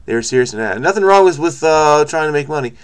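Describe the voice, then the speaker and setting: A man's voice: a little high, lively intonation, quick pace, smooth. A man hosting a crossword video, thinking aloud in a frenetic, rambling way, with frequent restarts and stammers. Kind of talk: casual think-aloud commentary.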